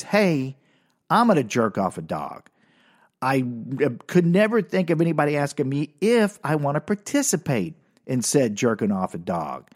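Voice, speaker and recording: A man's voice: mid-range voice, a little mellow. A man casually telling a personal story, rambling and correcting himself with a wry, dry humor.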